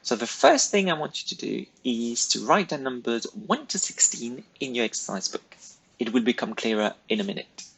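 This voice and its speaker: A male teacher with a slightly husky, breathy voice at a mid pitch talks pupils through a recorded lesson. He is patient and methodical, setting out each step in turn. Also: very animated, normal speed, fairly bright tone, rough recording. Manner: patient, step-by-step, clearly paced directions to pupils. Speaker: French teacher. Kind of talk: recorded classroom lesson instructions.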